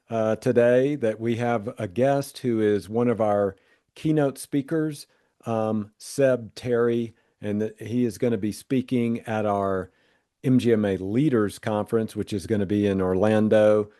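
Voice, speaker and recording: Man, southern american accent, podcast host, enthusiastic, mellow tone. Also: lowish voice, a little slow. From Southern United States. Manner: enthusiastic, upbeat. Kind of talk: podcast interview hosting.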